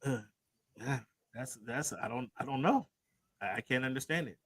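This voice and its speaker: A man's voice: medium pitch, moderate pace, slightly rough, dry recording. A man co-hosting a sports talk show, arguing heatedly and insistently, repeating his points and talking over his partner. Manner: insistent, repeats himself, talks over others.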